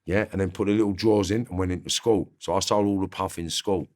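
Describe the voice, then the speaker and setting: Very deep-voiced man telling stories. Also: steady tone, fast talker, darkish tone. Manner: blunt, swears freely, slangy. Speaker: interview guest. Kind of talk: casual storytelling.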